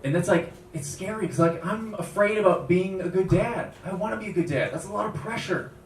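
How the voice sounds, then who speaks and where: A young man performing a stand-up comedy set on a club stage, animated, acting out quoted voices and jumping up in pitch for punchlines, with audience laughter behind him. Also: brisk. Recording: roomy club sound, taken from a distance, loud noise.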